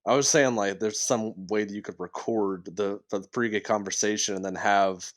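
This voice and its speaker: A man's voice: fairly low pitch, fairly even intonation, moderate pace. A man co-hosting a podcast, asking questions in a hesitant, casual way. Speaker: podcast co-host. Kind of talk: casual chat.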